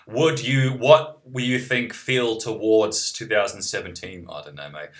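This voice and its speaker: A man's voice: on the low side, measured pace, fairly bright tone. A young man from New Zealand, rambling and wry, chatting casually while reading out viewer questions on a live stream. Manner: rambling, self-interrupting, wry.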